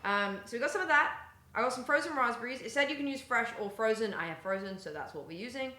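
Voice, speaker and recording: A bright, sharp-toned young woman with a slightly high voice chats away to her stream chat as she bakes. She talks casually and keeps drifting off from the mic. The kitchen sounds echoey, with a faint hum of room noise behind her. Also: expressive, fast talker. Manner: chatty, talks to chat while moving around the kitchen. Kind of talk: casual live-stream chat while baking. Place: home kitchen. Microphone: streaming setup, often walks away from the mic.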